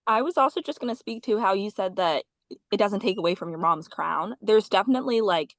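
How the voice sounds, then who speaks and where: A young woman, a daughter on a panel, speaking reflectively in casual talk with frequent pauses. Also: mid-range voice, no room sound.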